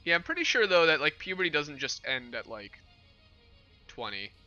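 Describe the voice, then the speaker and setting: A young man hosting a livestream, chatting casually with his chat in a relaxed, rambling way. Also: fairly high pitch, normal speed, lo-fi sound, faint music behind. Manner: relaxed rambling with fillers and laughs. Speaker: livestream host. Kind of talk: casual stream chat with chat readers.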